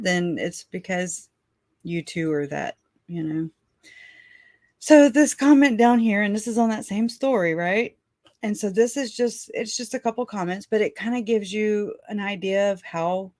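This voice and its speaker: Woman on a livestream chatting with her viewers, kinda slow and rambly, laughs a lot, dry sound. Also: on the low side, a little mellow, no echo. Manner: rambling, laughs often, reads out viewer comments. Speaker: livestream host. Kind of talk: casual livestream chat.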